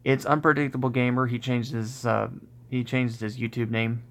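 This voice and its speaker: Guy rambling on his livestream, gravelly fry in his voice, keeps restarting sentences. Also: medium pitch, flat delivery, moderate pace, fairly bright tone. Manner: rambling, self-interrupting, often breaking into laughter. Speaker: YouTube channel host on a livestream. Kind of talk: casual rambling livestream chat.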